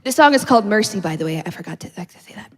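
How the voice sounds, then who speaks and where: A woman doing a musical comedy set with deadpan, self-mocking asides as she introduces her songs. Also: mid-range voice, rapid-fire. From Canada. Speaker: comedy singer. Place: stage filmed without audience. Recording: with guitar music behind. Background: acoustic guitar.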